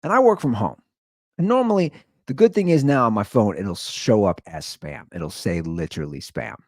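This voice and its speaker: A man hosting his own podcast, telling stories in an animated, profane rant that swings between loud outbursts and low asides. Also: moderate pace, dry recording, clean studio sound. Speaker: podcast host. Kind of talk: ranting comedic storytelling.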